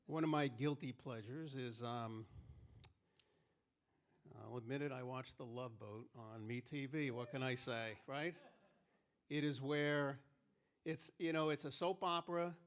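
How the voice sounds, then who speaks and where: A man's voice: medium pitch, measured pace. A man performing a live stand-up routine on stage, telling stories and acting out the people in them. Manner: storytelling, acting out quoted characters. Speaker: stand-up comedian. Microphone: handheld stage microphone.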